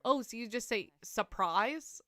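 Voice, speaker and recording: A woman's voice: medium pitch, lively intonation, unhurried, pushed and bright, no room sound. A young woman streaming a life-sim game, chatting to her viewers in a rambling, laugh-filled way. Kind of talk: casual live-stream chat.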